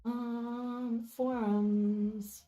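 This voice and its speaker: A young woman chatting through a live-stream board game unboxing, thinking aloud and laughing softly as she goes. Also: on the high side, flat delivery, very slow, dull audio, soft background music.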